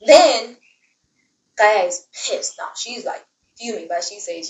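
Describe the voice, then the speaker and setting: A woman's voice: medium pitch, big pitch swings, slow, reverberant, far from the mic, rough recording. A young woman telling a casual story recap, chatty and digressive, with dramatic asides. The voice sits in a room, set back from the mic. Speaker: book reviewer.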